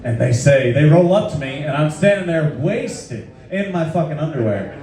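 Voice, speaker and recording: A man's voice: on the high side, lively intonation, moderate pace, darkish tone. A man telling a loose, profane, self-mocking story on stage between songs. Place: live venue with audience. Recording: echoey live room, far off, crowd. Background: crowd laughing.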